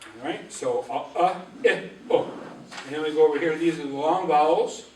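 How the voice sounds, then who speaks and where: A man teaching an Ojibwe language class, patiently drilling syllables and repeating words slowly. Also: on the high side, a little mellow, slight background noise. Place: library auditorium. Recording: echoey room, voice from a distance.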